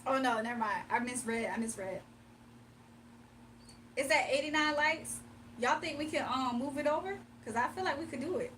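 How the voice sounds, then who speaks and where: A woman's voice: sits high, moderate pace, long pauses, fairly bright tone. A woman hosting a casual livestream, chatting with viewers, laughing often and talking straight to the chat. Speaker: livestream host. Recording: a bit distant from the mic, faint hum.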